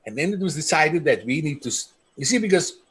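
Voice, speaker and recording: A middle-aged man from South Africa speaks with a husky, slightly high voice. He tells his stories earnestly, quoting the people he met along the way. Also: big pitch swings, fairly quick. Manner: earnest storytelling, quoting others. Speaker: community leader. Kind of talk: impassioned speech.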